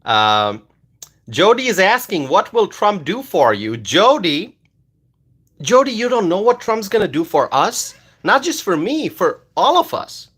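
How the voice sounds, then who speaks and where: A man from Bangladesh, hosting a casual livestream and reading viewer comments aloud, animated and loud at times. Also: high-pitched, measured pace, husky. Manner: animated, loud at times, with many fillers and repeated words. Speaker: livestream host reading chat.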